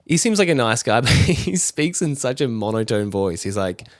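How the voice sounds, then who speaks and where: A man's voice: medium pitch, sing-song, normal speed, no echo. Male commentary YouTuber with a chatty, self-mocking, close, dry sound. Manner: chatty, self-deprecating, rambling asides. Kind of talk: casual explainer commentary.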